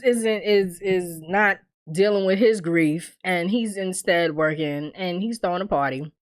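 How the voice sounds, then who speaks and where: Blunt, animated woman ranting about a show. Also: on the low side. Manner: blunt, profane, animated, addresses viewers directly; laughs often while talking. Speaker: TV recap reviewer. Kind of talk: casual, opinionated recap talk.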